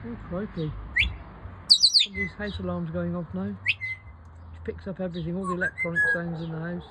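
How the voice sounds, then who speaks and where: A woman's voice: fairly low pitch, steady tone, a little fast. A woman chatting casually to her pet parrots in a garden, in a coaxing, sing-song pet-talk manner. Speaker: parrot owner and vlogger. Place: outdoors in a garden. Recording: loud birdsong and traffic outdoors.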